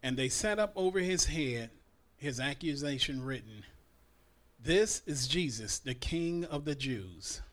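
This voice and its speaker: A man with a medium-pitched voice reads scripture aloud at a bible study. He takes it slowly and carefully, leaning on each phrase. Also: animated, fairly bright tone. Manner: slow, careful reading.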